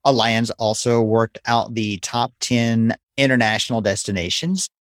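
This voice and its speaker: A man's voice: medium pitch, unhurried, dry recording. Dry-humored man reading out a list. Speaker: co-host. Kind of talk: casual chat.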